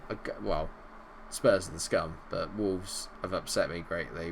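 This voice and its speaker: A man commentating on his own football management game, animated and bursting into shouts at goals, a little unwell. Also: low voice, moderate pace, creaky, slight background noise. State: unwell, not feeling great. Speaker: gaming video host.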